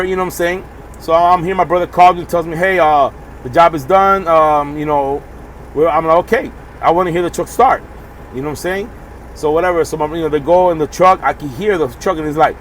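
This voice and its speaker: A man, a truck driver, telling a story fast and casually in a heated, profane way, recorded outdoors at a truck stop. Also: a little high, slight background noise.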